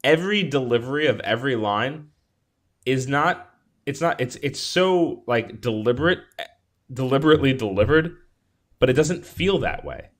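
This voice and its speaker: Animated man hosting a movie chat. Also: mid-range voice, moderate pace. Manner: animated, restarts often, acts out quoted lines. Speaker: podcast co-host. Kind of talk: casual movie discussion.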